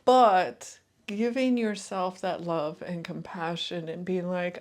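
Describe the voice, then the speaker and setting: A woman coach giving a calm, soothing talk straight to her viewers, guiding them through breathing and grounding. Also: fairly low pitch. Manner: soft, soothing, unhurried delivery. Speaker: intuitive and transformational coach. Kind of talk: calm guided talk to camera.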